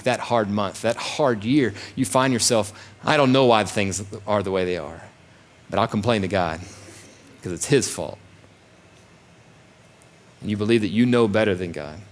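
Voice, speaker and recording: A man preaching a sermon as pastor, emphatic and repetitive, sometimes acting out complaining voices. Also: fairly low pitch. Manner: emphatic, repeats phrases, acts out grumbling voices.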